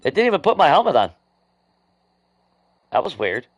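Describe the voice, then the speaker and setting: A gaming streamer rants angrily about glitches during live gameplay commentary, swearing constantly. His voice is a little high, with wildly swooping pitch and a moderate pace, and there's no room sound.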